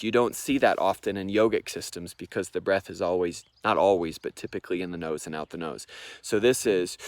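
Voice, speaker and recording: A man teaching meditation, talking through breathing techniques in a casual, unhurried way outdoors in the mountains, with pauses, fillers and breathing demonstrations. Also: fairly low pitch, dry recording. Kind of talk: casual explanatory vlog.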